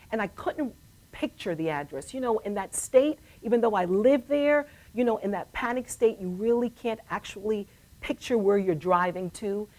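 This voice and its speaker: A woman's voice: medium pitch, a little mellow. A middle-aged woman hosting a live web talk show, telling a personal testimony that swells into emphatic, preacher-like declarations. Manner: storytelling with repeated phrases.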